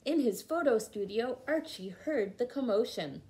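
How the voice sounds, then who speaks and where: Reading a picture book to children, a woman with a fairly high, slightly mellow voice sounds animated and goes a little slowly, hardly pausing at all. She patiently stops to teach the young listeners the meanings of words.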